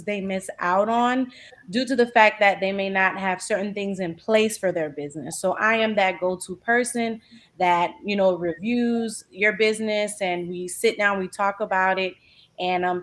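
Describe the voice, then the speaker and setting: A woman grant consultant speaking casually in an interview, with a lot of filler words. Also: mid-range voice. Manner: relaxed, many fillers.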